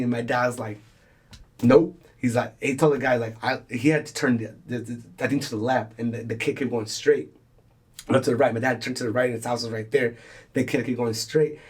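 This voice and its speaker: A man's voice: medium pitch, fairly even intonation, brisk, breathy edge. A young man hosting a casual podcast, telling a rambling, swear-filled story and acting out the people in it. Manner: rambling, swearing, acts out quoted voices. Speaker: podcast host.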